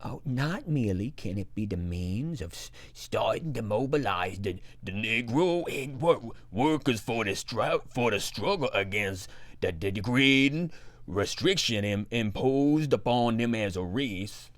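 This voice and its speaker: A halting male communist pamphleteer with a thick put-on Russian accent, as a man performs him. He declaims in stops and restarts, his timbre pushed away from a natural voice. The sound is dry and close. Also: medium pitch, lively intonation, no room sound, lightly acted. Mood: declaiming.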